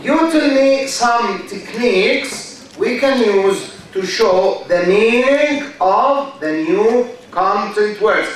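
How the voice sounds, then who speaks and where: A man's voice: sits high, fairly bright tone. A man giving a university lecture, repeating key words and often checking in with "okay?". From Egypt. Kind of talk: classroom lecture. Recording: echoey hall, mic far off.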